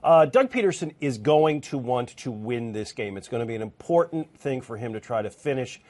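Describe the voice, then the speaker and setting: A man co-hosting a sports talk show, giving loose, joking football predictions with quick asides. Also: mid-range voice, animated, darkish tone. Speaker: football analyst.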